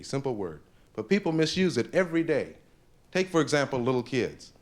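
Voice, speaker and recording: A man's voice: mid-range voice, big pitch swings, fairly quick. A man doing a stand-up comedy routine on a live stage, slipping into funny voices for the people in his jokes, from an old 1970s tape. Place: stage with a laughing audience.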